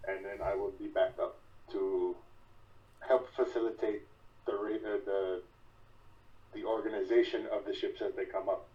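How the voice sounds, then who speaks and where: A man's voice: on the low side, level tone, moderate pace, pauses often, recorded from a distance, highs cut off. A man playing a tabletop game, hesitant and full of fillers while deciding his moves. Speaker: player.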